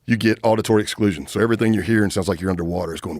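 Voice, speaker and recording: A man's voice: lowish voice, very fast, few pauses, dry recording. A middle-aged man, a retired agent, telling a story in a casual podcast interview and acting out the lines of the people in it. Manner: animated storyteller, acts out quotes. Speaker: guest, retired FBI agent.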